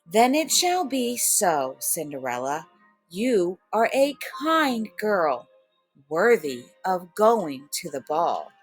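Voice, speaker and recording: A woman voicing a gentle, kind fairy godmother in a storybook read-aloud, speaking softly and reassuringly. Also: fairly low pitch, sing-song, slow, husky, soft background music, exaggerated voice.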